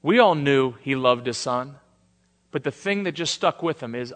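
A man preaching a sermon, shifting between soft, intimate lines and emphatic declarations. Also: medium pitch, expressive, moderate pace. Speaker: pastor. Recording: long hall reverb.

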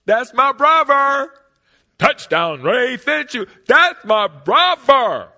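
A man's voice: very animated, sharp tone, heavily acted. A man voicing a stadium announcer, stretching out each call. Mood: booming. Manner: drawn-out booming calls.

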